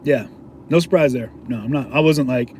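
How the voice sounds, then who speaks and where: With a mid-range, slightly mellow voice at normal speed, a man working as an independent video journalist relaxes into a slangy story for his viewers and chuckles often. Slight background noise sits behind him.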